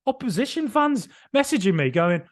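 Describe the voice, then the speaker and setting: A man with a high, bright-sounding voice hosts a football podcast, reacting right after the final whistle. He talks in an excitable, emphatic rush, circling back and repeating lines as his enthusiasm runs away with him. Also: moderate pace. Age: 30s or older. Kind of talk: excited post-match reaction.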